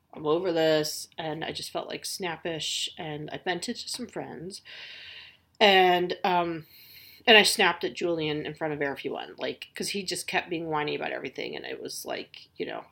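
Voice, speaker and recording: A woman's voice: lowish voice, creaky, slightly rough. A woman in her forties hosting a podcast, talking candidly in a rambling personal monologue full of restarts. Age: 40s. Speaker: podcast host.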